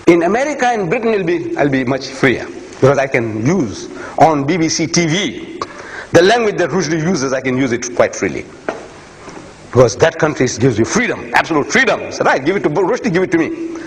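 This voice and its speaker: A man's voice: fairly high pitch, big pitch swings, brisk, slight background noise. A man giving an impassioned public lecture, emphatic and repeating phrases for force. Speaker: speaker. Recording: echoey hall, faint ambience.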